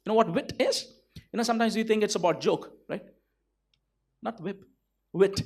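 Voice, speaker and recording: A pastor preaches with a rather high voice for a man. He keeps turning to his listeners with questions like "right?" and "you know that?". His delivery is emphatic and driven. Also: fairly quick. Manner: emphatic, full of rhetorical questions to the congregation. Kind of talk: sermon.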